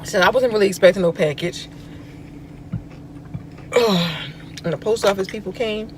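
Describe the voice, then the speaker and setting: Woman from florida, vlog host, chatty storytelling, expressive, in a car, faint background noise. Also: medium pitch, normal speed. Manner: chatty, expressive, voice rises for quoted reactions. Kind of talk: casual storytelling chat. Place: inside a car.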